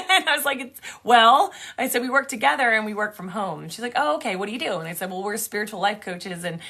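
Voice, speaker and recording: A woman co-hosting a casual chat, telling a story with lively acted-out quotes and frequent laughter. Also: mid-range voice, fast. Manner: animated, acts out quoted voices, laughs often. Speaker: podcast co-host, energy healer.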